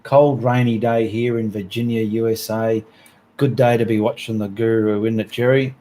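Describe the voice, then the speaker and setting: A man's voice: fairly low pitch, level tone, moderate pace, warm tone, slight background noise. An Australian man hosting an art livestream, reading out viewer comments in a friendly, chatty way with slips and restarts.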